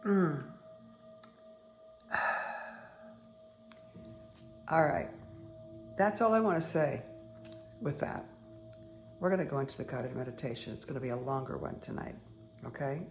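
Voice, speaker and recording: Croaky woman chatting with viewers. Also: a bass voice, slow pace, pauses often, faint music behind. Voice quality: croaky, dry throat. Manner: rambling, friendly asides to the audience. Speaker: meditation and tarot host. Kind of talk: casual chatty talk to viewers.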